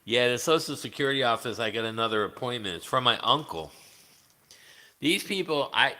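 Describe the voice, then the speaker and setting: A man's voice: fairly low pitch, sharp tone, long reverb tail. A man chatting casually on a livestream, rambling and swearing, with many fillers. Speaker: livestreaming guitarist.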